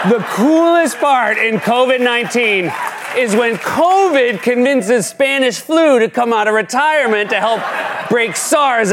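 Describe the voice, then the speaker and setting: A man's voice: high voice, noisy background. Wry man hosting a comedy monologue. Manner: wry, sarcastic. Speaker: late-night comedy host. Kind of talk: scripted comic monologue.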